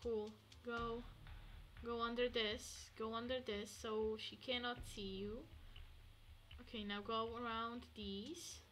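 A woman streaming a game, chatting to herself and swinging between hushed murmurs and excited outbursts. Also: fairly high pitch, slow pace, a little hiss or hum. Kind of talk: casual gameplay commentary.

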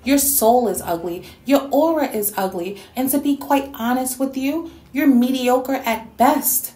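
A woman from New York City tears into someone in a sassy, cutting rant for her vlog. Her voice sits a little high and rings around an echoey room. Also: a little mellow. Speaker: YouTube commentator. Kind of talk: response video rant.

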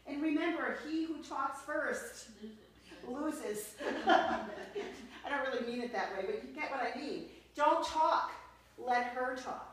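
A woman's voice: high voice, slow. A woman training a sales team in front of a group, upbeat and coaching, checking in with "okay?" as she goes. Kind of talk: sales training talk with role-play. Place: meeting room with an audience. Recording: echoey room, mic far off.

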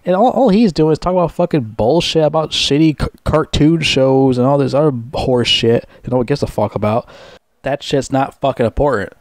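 A man's voice: medium pitch, a little fast, dry recording, studio quality. A man ranting angrily to the camera in a profane, repetitive way, stammering over restarts and mocking others sarcastically. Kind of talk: angry rant.

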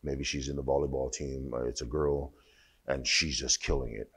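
A deep-voiced man preaching a sermon, talking to the congregation as if chatting. He drifts between low, loose asides and emphatic bursts of preaching. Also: level tone, normal speed, fairly bright tone, slight background noise. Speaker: pastor.

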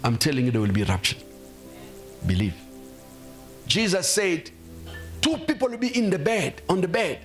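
A man's voice: high voice, big pitch swings, moderate pace, long pauses, faint music behind. A man preaching a sermon as pastor, emphatic and exhorting, often calling out hallelujah. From South Africa.

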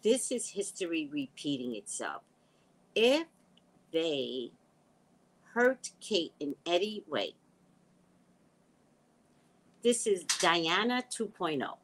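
A woman talks slowly and casually on a livestream, reading viewer comments and answering them in a chatty way. Her voice is low and husky, and her pitch rises and falls a lot. Now and then she drops into a whisper. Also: very animated, rough recording. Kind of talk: casual live chat.

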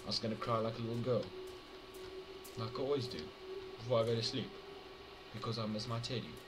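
Over background noise, this young gameplay commentator speaks briskly in a mid-range voice while playing a horror game. Jokey and jumpy, he addresses viewers directly, muttering one moment and yelping in fright the next.

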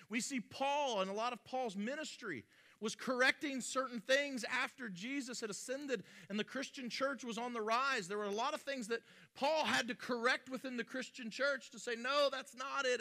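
A man's voice: very high-pitched, bright, forceful tone. A male pastor preaching a sermon in a conversational way, with joking asides and frequent restarts.

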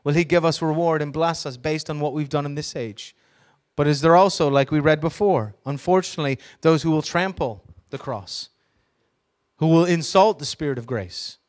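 A man's voice: a little high, normal speed. A man preaching a sermon to a congregation, reading scripture with emphasis and teaching by asking the audience questions, with joking asides. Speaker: pastor.

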